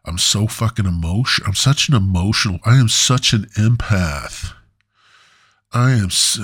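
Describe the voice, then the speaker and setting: Low husky guy rambling crude jokes on a podcast, repeats himself, dry close mic. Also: a little slow, fairly bright tone, dry recording. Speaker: podcast host. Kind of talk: crude comedic monologue.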